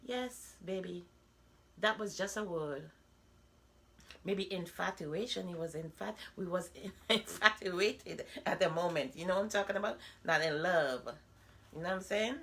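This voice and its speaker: A woman's voice: on the low side, measured pace, creaky, bright, forceful tone. A woman, talking bluntly and candidly in a personal vlog monologue, full of rhetorical asides. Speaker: vlogger.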